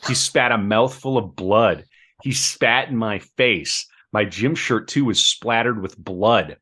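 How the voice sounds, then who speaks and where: A man reading book passages aloud on a podcast, measured, with chatty asides between. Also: lowish voice, sharp tone.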